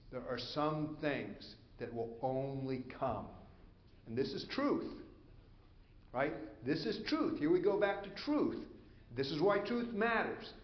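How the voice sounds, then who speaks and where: Storytelling pastor in an echoey church. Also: male voice, mid-range voice, lo-fi sound. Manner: storytelling, acts out quoted voices, conversational asides. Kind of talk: sermon.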